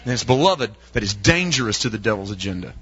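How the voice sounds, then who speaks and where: Husky-voiced male preacher, emphatic. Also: fairly low pitch, animated, fast talker, fairly bright tone, dull audio. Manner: emphatic, asks the congregation rhetorical questions. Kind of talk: sermon.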